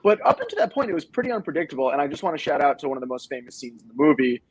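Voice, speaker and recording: A young adult man co-hosting a casual movie review chat, animated and swearing casually as he retells scenes. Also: fairly high pitch, racing, slightly rough, no room sound, rough recording. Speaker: film review podcast co-host.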